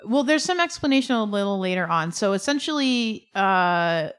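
A woman's voice: mid-range voice, animated, normal speed, a bit bright, clean tone. A woman co-hosting a casual podcast who chats freely, thinks aloud, and laughs easily. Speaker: podcast co-host. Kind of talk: casual chat.

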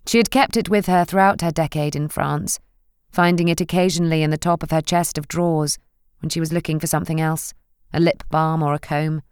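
Smooth, low-voiced woman narrating. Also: fairly even intonation, a little fast, dry recording, clean studio sound. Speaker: audiobook narrator. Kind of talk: scripted narration.

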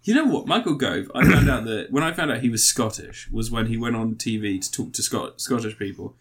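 A man's voice: mid-range voice, animated, brisk, breathy edge. A man, co-hosting a casual podcast chat, laughing often and swearing freely. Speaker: podcast co-host.

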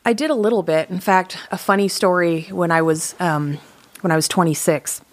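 Low-voiced woman telling stories, dry sound. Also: steady tone, moderate pace, no room sound. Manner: chatty, laughs often, many restarts. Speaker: podcast guest. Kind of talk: casual storytelling.

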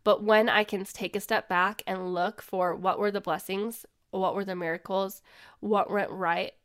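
A woman's voice: medium pitch, steady tone, a little slow, fairly bright tone, clean tone. A woman sharing personal faith stories in an earnest, conversational way, with plenty of filler words. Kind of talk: personal reflective storytelling.

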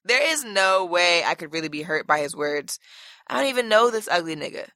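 A woman's voice: lowish voice, animated, fairly quick, sharp tone, no echo, studio quality. A woman podcast host reading a listener's letter aloud as a brash, profane, sassy story.

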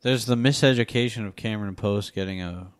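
A man's voice: lowish voice, fairly quick, clear, resonant tone, dry recording. A man co-hosting a movie review podcast in casual chat, joking around, swearing and making fun of himself. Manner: joking, profane, self-mocking.

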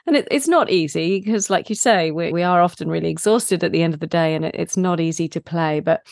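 A woman hosts a parenting podcast and speaks in a lowish voice. She reflects warmly on her guest's stories and affirms them. The sound is close and dry. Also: a little fast, vocal fry, no echo. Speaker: podcast host. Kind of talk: casual podcast conversation.

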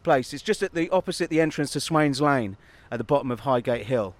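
A man's voice: medium pitch, animated, a little fast, dry recording. A man, rambling in a dry, playful way as he guides a friend through a city park. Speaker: co-host, guide of the walk. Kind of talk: casual outdoor walking chat.

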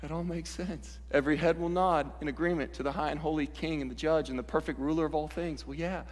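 A man preaching a sermon as pastor, animated and swinging from loud, excited passages to hushed ones. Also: on the high side, fast talker, long reverb tail.

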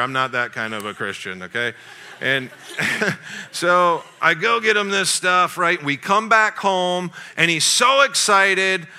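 A middle-aged man, a pastor, preaching a sermon through a family story and acting out the dialogue. He swings between loud excitement and quiet asides. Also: on the high side.

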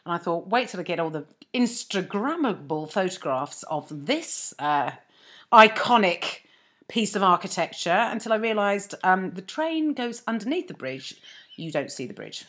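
A woman's voice: lowish voice, sing-song, normal speed, fairly bright tone. A woman co-hosting a casual chat, telling a self-mocking story and acting out both sides of the conversations. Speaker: podcast co-host and comedian.

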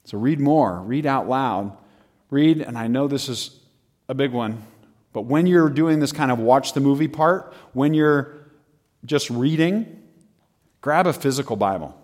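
A man preaching in an animated, conversational style, often laughing between his points. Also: medium pitch, unhurried. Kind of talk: humorous sermon.

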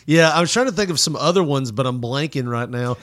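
A man with a Southern US accent talks in a loose, joking way, dropping swear words into his stories. His voice sits in a middle pitch, and the sound is dry and close with no room echo. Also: expressive, fast, fairly bright tone. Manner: joking, profane storyteller. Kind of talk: casual chat.

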